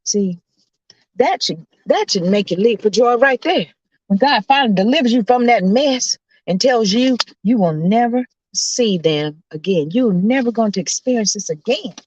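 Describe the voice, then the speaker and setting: A woman host preaching as a self-described coach preacher, emphatic and hollering, her voice swinging high and low. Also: expressive, moderate pace, a little mellow, lo-fi sound.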